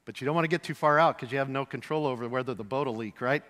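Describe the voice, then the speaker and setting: A man preaching a sermon, animated, acting out voices and shouting for emphasis. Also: medium pitch, very fast. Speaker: pastor. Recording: long hall reverb.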